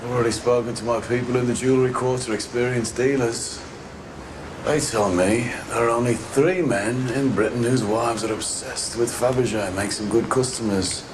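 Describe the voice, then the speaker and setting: An actor playing a controlled, menacing gang boss who speaks in measured, clipped lines. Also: male voice, medium pitch, fairly even intonation, close to an everyday voice. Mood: cold. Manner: measured and clipped, then explosive shouting. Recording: film scene with ambient background noise.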